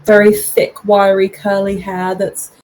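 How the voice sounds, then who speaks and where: A woman running a tabletop game as game master, narrating scenes in a relaxed, hesitant way with many fillers. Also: medium pitch, unhurried, low-quality recording.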